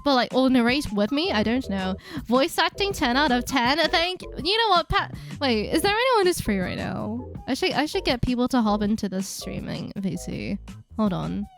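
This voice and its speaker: A woman streaming a game live, reading the story text aloud and reacting with excited, startled exclamations. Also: on the high side, moderate pace, soft background music.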